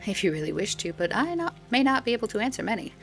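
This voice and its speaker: A woman's voice: mid-range voice, big pitch swings, fast talker, faint music behind, pitched above the performer's own voice. Woman playing a coquettish old Italian stallholder. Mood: flirty teasing. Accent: put-on Italian. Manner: teasing, coquettish, laughing.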